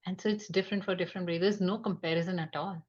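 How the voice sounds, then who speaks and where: Low-voiced woman sharing her story. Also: fairly even intonation. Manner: reflective, pausing often. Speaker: guest. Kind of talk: candid personal conversation. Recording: dull lo-fi sound.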